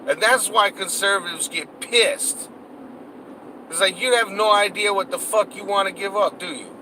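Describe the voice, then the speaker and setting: A man's voice: sits high, normal speed, bright, forceful tone, slight background noise, low-quality recording. A man delivering a heated, profanity-laced rant, cursing and repeating himself as he vents. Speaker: political vlogger.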